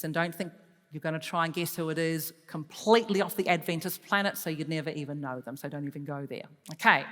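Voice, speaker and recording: Woman speaking in a reverberant hall. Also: lowish voice. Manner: lively, swings between loud emphasis and soft hushed advice. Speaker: counsellor speaking to an audience. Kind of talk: talk to an audience.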